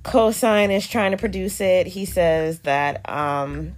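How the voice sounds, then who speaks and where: A woman's voice: lowish voice, takes it slowly, soft background music. A woman hosting a podcast, giving a casual, sassy review full of slang and frequent laughter. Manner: animated and sassy, laughs often, uses slang. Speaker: podcast host reviewing a reality show. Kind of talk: casual commentary.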